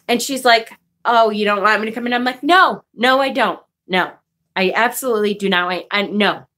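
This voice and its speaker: A middle-aged woman casually telling a story on her vlog, animated and profane, jumping into high outraged bursts when she replays arguments. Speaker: vlogger. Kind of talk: casual storytelling vlog, reading live chat.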